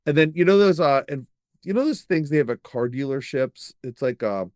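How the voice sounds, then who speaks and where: A middle-aged man, a podcast guest, telling long personal stories in a lively, rambling way, with many fillers and restarts. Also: on the high side, normal speed, no room sound, clean studio sound. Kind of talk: storytelling in an interview.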